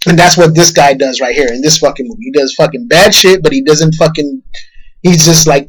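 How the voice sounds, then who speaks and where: Male co-host, somewhat high voice, swears constantly, animated storyteller in casual chat. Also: a little fast, breathy edge, low-quality recording. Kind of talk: casual movie review chat.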